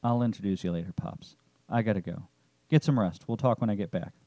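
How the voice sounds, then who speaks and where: A man's voice: lowish voice, a little fast, warm tone, no echo, lightly acted. A man voicing a nervous, earnest young man in a narrated story. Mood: eager. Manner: nervous, eager.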